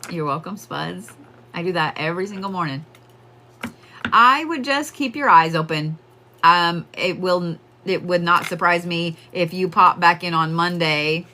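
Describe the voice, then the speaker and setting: A woman's voice: fairly low pitch, a little slow, bright, forceful tone, a little hiss or hum. A woman giving casual psychic readings on a livestream, chatting with viewers and laughing often.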